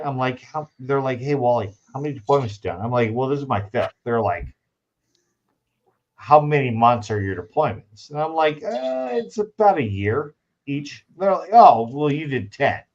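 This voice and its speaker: Animated male podcast host, lo-fi sound. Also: mid-range voice, normal speed. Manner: animated storyteller, acts out quoted dialogue. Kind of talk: casual chat. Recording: dull lo-fi sound.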